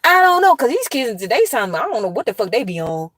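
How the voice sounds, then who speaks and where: A woman in her thirties, a mother of two, talking straight to her viewers in a blunt, cursing, animated commentary rant. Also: mid-range voice, quick pace, dry recording.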